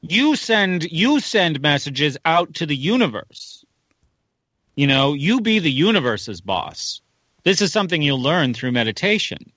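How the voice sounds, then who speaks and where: A man's voice: a little high, very animated, measured pace, sharp tone, no echo. A man earnestly coaches a friend on meditation, his voice rising and falling widely. The sound is slightly dull and dry, close to the mic. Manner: earnest, coaching, new-age advice. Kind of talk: casual chat, giving advice.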